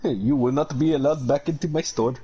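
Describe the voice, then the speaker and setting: A man's voice: on the high side, fairly even intonation, fairly quick, warm tone, breathy edge, dull audio. A young man in casual gaming chat, joking and teasing his opponent with sarcastic banter and the odd curse. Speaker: gamer.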